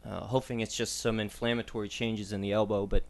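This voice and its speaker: A man's voice: on the low side, little pitch movement, gravelly, darkish tone. Young man explaining sports injuries. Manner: measured, explanatory, with frequent ums and uhs. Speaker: medical contributor on a sports podcast. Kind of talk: casual podcast discussion.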